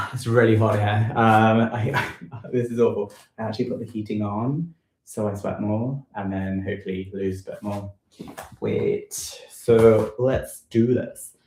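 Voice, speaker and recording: Slow halting man in an echoey room. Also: on the low side, steady tone, a little hiss or hum. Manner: slow, halting, thinks aloud with many ums and self-corrections. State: a bit out of breath. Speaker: fitness vlogger leading a live workout. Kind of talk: casual live workout instruction. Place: room at home.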